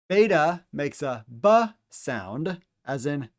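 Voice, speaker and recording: A man teaching Greek pronunciation, speaking deliberately and repeating each letter and example word for the listener. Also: mid-range voice, animated. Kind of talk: slow instructional pronunciation lesson.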